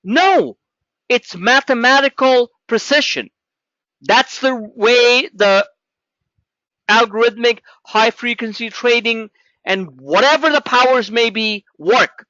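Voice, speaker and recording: A man's voice: extremely high pitch, slow pace, bright, forceful tone, no echo, muffled recording. A man hosting a live trading webinar, talking emphatically and repeating himself as he walks viewers through charts. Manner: emphatic, repetitive, talks straight to viewers.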